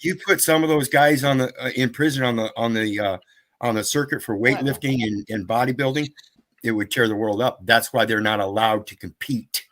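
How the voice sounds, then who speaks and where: A man's voice: medium pitch, brisk, fairly bright tone. A man on a talk show, speaking emphatically from firsthand experience. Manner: emphatic, storytelling.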